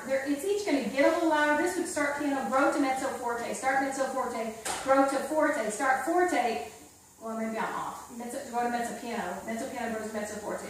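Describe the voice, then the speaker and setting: High-voiced woman piano teacher, echoey room. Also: a little hiss or hum. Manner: sings counts and rhythms aloud while explaining; upbeat and coaxing, checks in with "okay?". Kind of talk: one-on-one piano lesson. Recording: echoey room, far from the mic. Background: piano playing.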